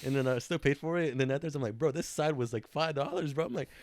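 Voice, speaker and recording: A young man co-hosting a casual podcast, talking in rapid slang and repeating his words as he tells stories. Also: a little high, darkish tone, no room sound. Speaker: podcast co-host. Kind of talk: casual chat among friends.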